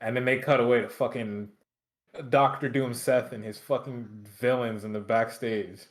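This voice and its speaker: A man's voice: medium pitch, steady tone, normal speed. A man co-hosting a podcast, chatting casually and making dry, wry asides. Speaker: podcast co-host. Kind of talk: casual chat.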